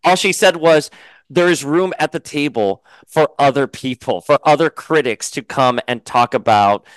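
A man interviewing an actress in a chatty, casual way, laughing easily and jumping in with quick remarks. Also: mid-range voice, smooth, no room sound.

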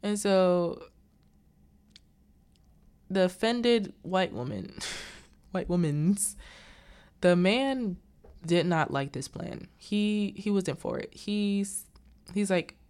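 A woman's voice: medium pitch, expressive, extremely slow, long pauses, darkish tone, clean tone. A young adult woman casually recapping a film plot, rambling with lots of filler and exasperated asides. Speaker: vlogger reviewing a film.

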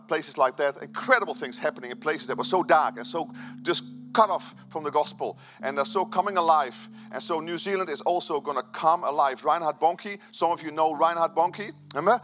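A man's voice: a little high, fairly bright tone. A man preaching a sermon to his church, enthusiastic and rambling, with frequent restarts. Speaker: pastor.

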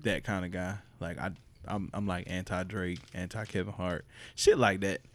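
A man with a Southern US accent hosting a podcast, joking around in a loud, hyped-up, bantering way. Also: low voice, steady tone, normal speed. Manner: loud, jokey, hype banter. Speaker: podcast host. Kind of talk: casual podcast chat.

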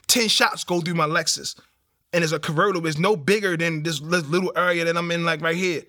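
A young man, telling his personal testimony in a streetwise, animated way with slang. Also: on the high side, a little fast. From Baltimore. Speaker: testimony speaker.

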